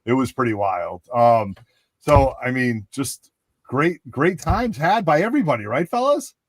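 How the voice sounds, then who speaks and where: A man's voice: mid-range voice, unhurried, no echo. Man, casual storyteller, acts out voices, dry close sound. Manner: animated, acts out quotes. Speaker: podcast co-host.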